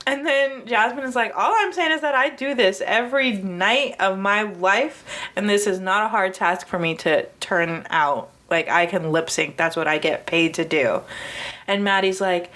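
A woman casually chatting as podcast co-host, telling a story with lively acted-out quotes, frequent laughter and swearing. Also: medium pitch, moderate pace. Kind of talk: casual chat recapping a TV episode.

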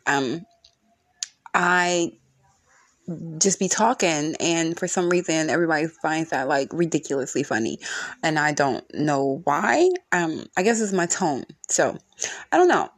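A woman's voice: sits low, expressive, measured pace, dry recording, clean studio sound. A woman hosting her own solo podcast from her room at home, venting bluntly and cursing often in a frustrated rant. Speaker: podcast host.

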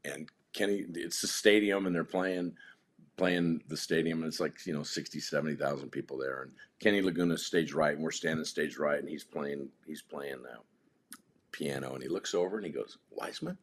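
A man's voice: very deep voice, normal speed, a little hiss or hum. A man telling long rambling anecdotes in casual chat as a podcast guest, with frequent restarts.

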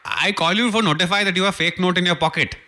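A man's voice: sits high, quick pace, sharp tone. A man voicing a pushy male bank manager in a radio prank call sketch, speaking broken English and repeating "sir" insistently.

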